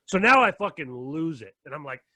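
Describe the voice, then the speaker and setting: A man's voice: on the high side, big pitch swings, a little fast, sharp tone, no echo. A young man co-hosting a podcast, telling a long story with lots of swearing and acting out both sides of an argument. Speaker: podcast co-host. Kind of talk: casual storytelling chat.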